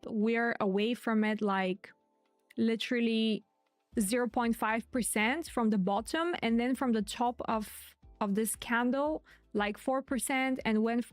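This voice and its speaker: A woman with a slightly high voice talks casually through market charts, peppering her speech with "like" and "right" as she addresses viewers directly. The sound is dry and close-miked. Faint music plays underneath. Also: no echo. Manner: chatty, filler-heavy, addresses viewers directly. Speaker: crypto trading streamer.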